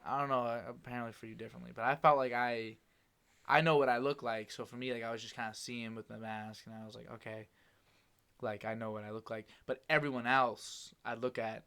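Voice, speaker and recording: Young man, casual podcast talk, mumbles, rambles fast, mid-pitched voice. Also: level tone, pushed and bright, clean tone. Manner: quick, rambling, self-described mumbler. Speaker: podcast host. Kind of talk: casual chat.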